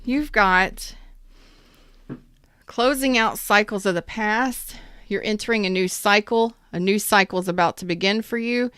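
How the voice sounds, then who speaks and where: With a clean, fairly bright mid-range voice and no room sound, this woman gives a chatty tarot reading at a measured pace. She addresses viewers directly, upbeat and emphatic.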